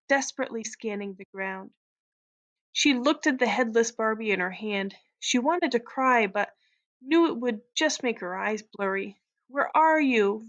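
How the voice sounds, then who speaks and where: A woman teacher reading a story aloud to students at a steady, clear pace. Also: medium pitch. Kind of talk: read-aloud story narration.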